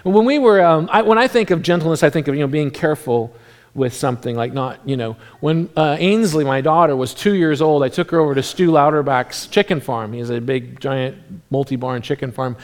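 A pastor giving a sermon in a conversational way, lively at times and dropping to a hushed near-whisper at others. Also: male voice, on the high side, a little fast. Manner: conversational preaching that swings from animated to hushed, near-whispered passages.

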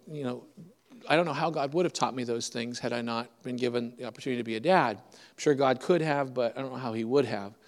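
Middle-aged man telling a funny story in an echoey hall. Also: fairly high pitch. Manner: chatty, self-deprecating humorous storytelling. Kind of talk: storytelling sermon.

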